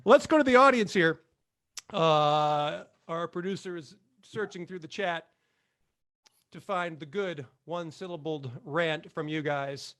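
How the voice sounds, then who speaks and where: A man's voice: a little high, unhurried, a bit bright. A man hosting a live online comedy game show over a video call, laughing often and reading audience jokes aloud.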